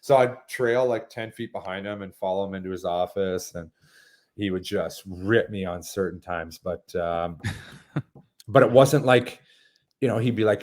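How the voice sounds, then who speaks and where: Lively former hockey player man. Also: low voice, normal speed. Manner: animated storytelling with frequent restarts and laughter. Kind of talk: casual interview chat.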